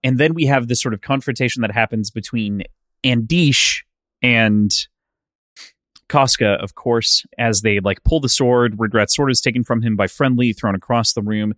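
A man's voice: mid-range voice, normal speed, a bit bright, dry recording, studio quality. A man co-hosting a casual book discussion podcast, recapping scenes thoughtfully with a lot of "like" and "sort of". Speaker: podcast co-host.

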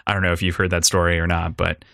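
Young man, lowish voice, casual film podcast talk, rambling and animated, dry close sound. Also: fast talker, gravelly, no room sound. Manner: rambling and animated, with laughs and restarts. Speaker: podcast co-host.

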